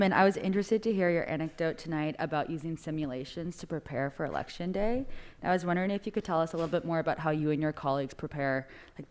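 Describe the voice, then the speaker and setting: A young woman in the audience at a public forum, politely asking a measured question with a few fillers. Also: low voice, darkish tone.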